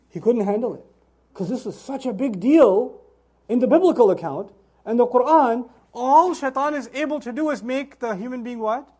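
Male Islamic speaker, animated, poses rhetorical questions. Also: very high-pitched, moderate pace. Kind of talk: religious talk.

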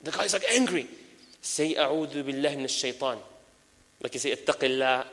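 A man preaching a lively sermon to an audience, mixing in Arabic phrases and addressing the crowd directly. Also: medium pitch, racing. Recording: long hall reverb.

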